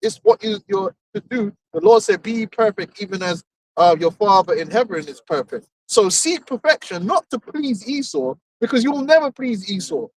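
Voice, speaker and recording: Animated high-voiced British man, mic far off. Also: moderate pace. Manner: animated, mocking impressions, preachy. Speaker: podcast co-host. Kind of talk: heated casual discussion.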